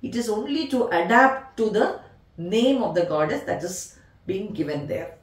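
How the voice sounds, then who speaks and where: A woman's voice: medium pitch, animated, normal speed, echoey room, distant mic. A woman teaching veena in a patient tutorial, counting beats and naming the notes one by one. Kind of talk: music tutorial explanation.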